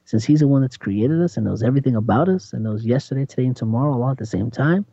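A man preaching in a conversational sermon, animated and acting out voices with big jumps in pitch. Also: quick pace, gravelly, husky, no room sound. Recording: dull lo-fi sound.

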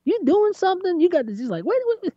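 A man's voice: very high-pitched, sing-song, mellow, no room sound, voice pushed up. A man voicing an incredulous God, firing off disbelieving questions at proud humans. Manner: rapid-fire disbelieving questions. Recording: dry, slightly dull lo-fi sound.

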